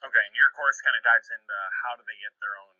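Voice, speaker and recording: A man's voice: mid-range voice, fast, dry recording, phone-quality sound. A man hosting a live-streamed interview, steering the talk with follow-up questions and easy laughs. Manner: guiding, asks follow-ups, laughs easily. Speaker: host.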